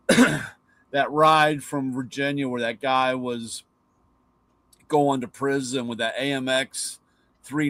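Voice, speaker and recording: With a medium-pitched, fairly bright voice and no echo, this middle-aged host of a live car talk show tells meandering anecdotes about old cars and his father. He swears freely and performs his dad's lines, imitating voices along the way.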